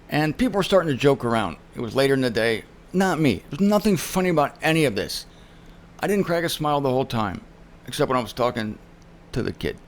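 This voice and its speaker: A man hosting his own show, telling a story in an emphatic monologue and acting out the people he quotes. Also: mid-range voice. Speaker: show host. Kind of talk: casual monologue.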